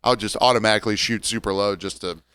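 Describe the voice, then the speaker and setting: A man's voice: on the low side, steady tone, a bit bright, clear, resonant tone, dry recording. A man in his forties co-hosting a casual podcast, joking and ranting through long stories. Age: 40s. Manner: joking, ranting, drawn-out storytelling. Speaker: podcast co-host. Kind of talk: casual chat.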